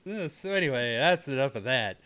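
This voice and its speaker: A man casually recapping a horror film with a co-host, profane and animated, slipping into silly voices for the characters. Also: mid-range voice, brisk. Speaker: podcast co-host. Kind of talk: casual movie recap chat.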